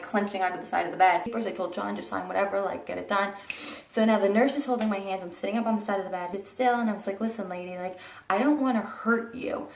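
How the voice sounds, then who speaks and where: A young woman tells a personal story to her viewers in a blunt, animated way, acting out the quotes and swearing casually. She sits a bit back from the mic, and the room gives her voice a noticeable echo. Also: medium pitch, distant mic. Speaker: vlogger.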